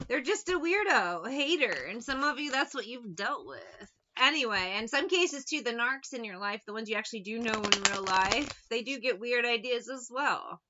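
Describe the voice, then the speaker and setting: Bright-voiced, profane woman reader. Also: a little high, sing-song, moderate pace, hardly any pauses, dull audio, a little hiss or hum. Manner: blunt and profane, tells anecdotes. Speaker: tarot reader. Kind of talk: casual straight-to-camera monologue.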